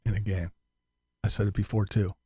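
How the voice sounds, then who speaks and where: A man's voice: lowish voice, level tone, fairly quick, warm tone, husky. A man ranting profanely on a casual live stream, sarcastic and mocking. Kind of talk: casual livestream rant.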